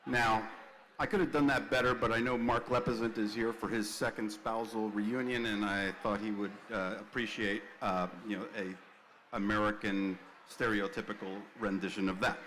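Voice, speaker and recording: Wisecracking class historian man, lower voice. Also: steady tone, normal speed, fairly bright tone, a little hiss or hum. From Cuba. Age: 60s. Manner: wisecracking, chatty asides. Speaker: class historian presenting honorees. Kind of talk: joking ceremonial announcement.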